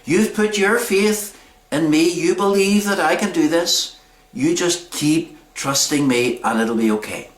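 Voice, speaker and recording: Jesus, low and gentle as a storyteller puts him on. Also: measured pace, lightly acted. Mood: reassuring. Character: Jesus, calm and reassuring grown man. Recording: echoey church hall.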